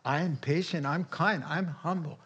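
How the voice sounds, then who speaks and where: A pastor preaching a conversational sermon, chuckling often and breaking into loud emphatic bursts. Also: male voice, a little high, moderate pace, slightly rough, highs cut off.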